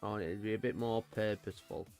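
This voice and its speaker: Fast, creaky and darkish in tone, this man's voice sits on the low side over soft background music. He's a British livestream host painting miniatures, chatting casually and greeting viewers by name.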